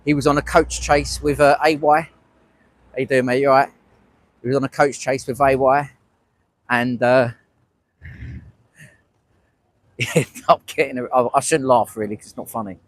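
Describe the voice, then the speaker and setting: A man's voice: medium pitch, steady tone, unhurried, pauses often, no room sound. A man rambling casually to his live-stream viewers from a street protest, speaking into a small wearable mic. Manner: rambling, chatty, talks to chat viewers. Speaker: livestreaming citizen journalist.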